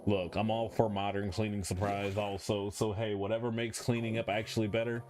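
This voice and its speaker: A man's voice: lowish voice, little pitch movement, a little fast. A man streaming a game, chatting in a rambling, self-mocking way from his room at home. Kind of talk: casual chat while playing. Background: game music.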